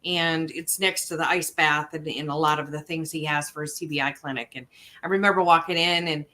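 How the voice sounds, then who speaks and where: A woman's voice: low-pitched, a little fast. A woman podcast host and licensed therapist, telling an anecdote in a casual chat and acting out the quotes. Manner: animated storyteller who acts out quotes.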